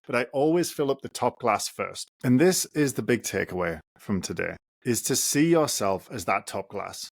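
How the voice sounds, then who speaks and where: A man hosting a solo running podcast, talking earnestly and reflectively in short, measured phrases. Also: fairly low pitch, no room sound. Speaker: podcast host and running coach.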